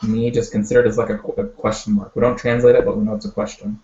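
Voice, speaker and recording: A man teaching a language lesson, taking his time and talking it through with lots of ums and pauses. His voice is mellow and a little dark. The sound is dull and bounces around an echoey room. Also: on the low side, level tone. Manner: patient, step-by-step explaining with many fillers.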